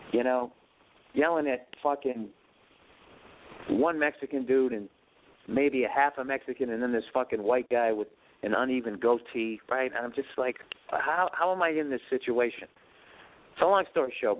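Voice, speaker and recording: A man's voice: mid-range voice, slight background noise. Man in his late thirties, podcast host, rambling profane storyteller, tinny narrow sound. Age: 30s. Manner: profane, self-deprecating, animated.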